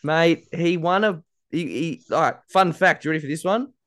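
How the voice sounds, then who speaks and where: A man's voice: a little high, normal speed, a bit bright. A man co-hosting a casual rugby league podcast, playful and argumentative, often laughing as he reads out results. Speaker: podcast co-host. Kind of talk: casual sports chat.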